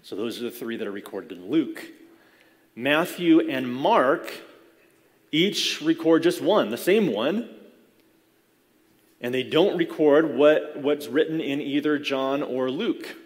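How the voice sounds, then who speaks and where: A man's voice: mid-range voice, animated, slow, pauses often. A man, a pastor, giving a sermon in a conversational, explaining way, often restarting his phrases. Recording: long reverb of a large hall.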